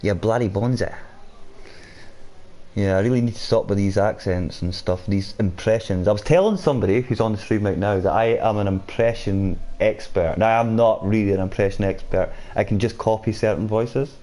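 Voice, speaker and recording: Chatty male game streamer, mellow voice. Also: lowish voice, fairly quick, hardly any pauses. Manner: chatty, reads out viewer comments. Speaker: gaming streamer. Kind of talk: casual live-stream chat.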